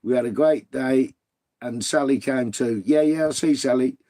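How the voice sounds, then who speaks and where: A man's voice: mid-range voice, normal speed, dark tone. A middle-aged man, chatting casually on a live stream, swearing freely and bantering with viewers. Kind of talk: casual live-stream chat reading comments.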